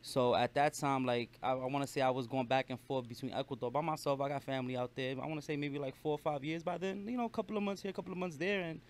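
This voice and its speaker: A young man from Brooklyn with a New York accent, talking casually as a rapper guest, animated and full of slang and swearing. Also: mid-range voice. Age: young adult. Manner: fast, animated street slang with frequent profanity. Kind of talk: casual interview chat.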